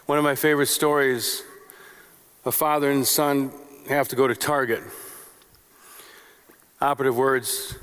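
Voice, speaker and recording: A male pastor delivers a sermon in short, rhythmic phrases, circling back to the same lines and asking his listeners questions. He speaks slowly and deliberately, at a middle pitch for a man. His voice carries a long reverb from the church sanctuary. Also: level tone, a bit bright, smooth.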